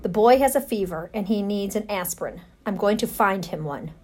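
A woman's voice: medium pitch, expressive, normal speed, a little mellow, close to an everyday voice. A woman doing a brave, dramatic young boy mouse. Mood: earnest.

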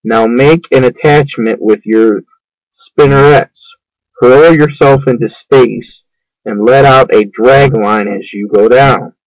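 A man voicing a wise, kind female spider who speaks calmly and patiently, reading a storybook aloud. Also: medium pitch, takes it slowly, no room sound, close to an everyday voice, poor audio. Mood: instructing. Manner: calm, patient, instructing.

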